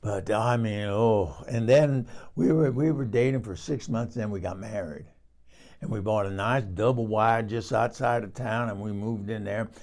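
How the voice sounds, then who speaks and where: Man doing a bawdy old southern lady, gravelly voice, swoony exclamations, comic monologue. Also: on the low side, normal speed, darkish tone, close to an everyday voice. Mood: confiding. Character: bawdy older Southern woman gossip. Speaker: comedic character storyteller.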